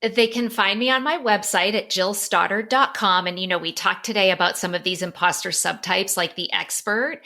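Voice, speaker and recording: A middle-aged woman, a psychologist, telling a candid personal story on a podcast, open and animated. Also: mid-range voice, moderate pace, few pauses. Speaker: psychologist and author guest.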